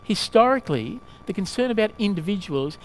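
A male preacher giving a sermon in a halting way, often asking the listeners questions. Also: high-pitched, animated, slight background noise.

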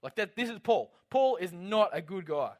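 Lively young man, youth talk. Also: high voice, moderate pace. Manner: casual storytelling, lively and animated. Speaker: youth leader.

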